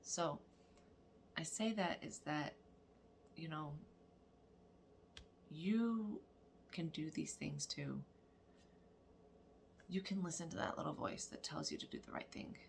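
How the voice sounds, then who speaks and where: Low, gravelly-voiced mother telling a story. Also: takes it slowly, pauses often, slight background noise. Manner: animated, acts out quotes, laughs often. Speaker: mother of daughters. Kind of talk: casual spiritual storytelling vlog.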